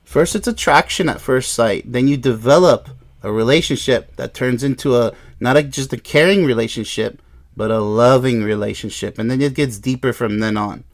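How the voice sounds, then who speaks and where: A man's voice: mid-range voice, normal speed. Man, reaction commentary, sarcastic, exasperated, mid-range voice. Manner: frequent incredulous exclamations. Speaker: relationship commentator. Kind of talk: reaction commentary reading an article.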